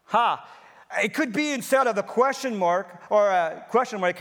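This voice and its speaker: A man's voice: very high voice, animated, measured pace, a bit bright. A pastor in his fifties preaching a sermon in a church, speaking in an earnest, personal way and repeating phrases for emphasis. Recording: long hall reverb.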